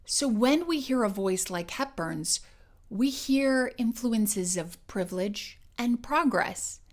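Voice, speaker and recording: A woman voice coach giving a scripted educational narration in a clear, measured and emphatic way. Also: fairly high pitch, animated.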